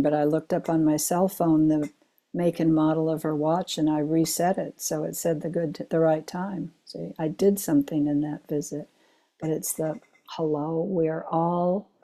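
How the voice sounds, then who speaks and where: Older lady giving a zen talk, slow and easygoing, warm low-ish voice, little laughs as she tells stories. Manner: unhurried storytelling with gentle laughs. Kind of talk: dharma talk with personal stories.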